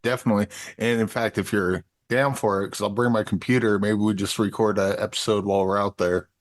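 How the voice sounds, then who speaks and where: A man co-hosting a movie podcast in relaxed, casual chat, halting often with fillers. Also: fairly low pitch, no room sound, studio quality. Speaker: podcast co-host.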